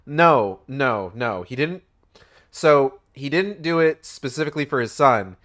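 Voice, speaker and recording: A young man streaming a game, giving a rambling, profane and animated retelling in casual commentary. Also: medium pitch, unhurried.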